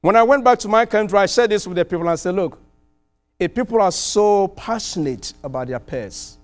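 High-voiced man preaching a story. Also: a little fast, faint music behind. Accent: non-American. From outside the US. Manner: animated storytelling, pitch swinging widely. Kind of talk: sermon with personal story.

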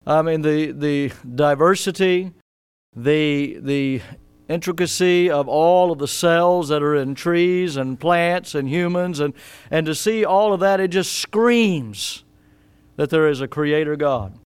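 A man preaching a sermon as pastor, rising to loud emphatic peaks and dropping to soft, low asides. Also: slow, clear, resonant tone. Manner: preaching with sudden loud rises and soft drops.

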